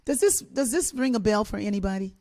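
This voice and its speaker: Lively, animated woman telling a story. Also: mid-range voice, a little fast. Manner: animated, laughing, acts out voices in her story. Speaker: co-host and musician. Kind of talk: storytelling on a talk show.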